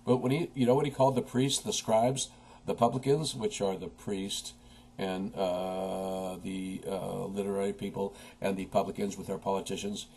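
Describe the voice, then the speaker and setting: A man's voice: low voice, little pitch movement, moderate pace, a little mellow, slightly rough. A man delivering an impassioned political rant, preaching at his listeners and quoting scripture. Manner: preachy, quotes scripture, talks straight at the audience. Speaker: political commentator.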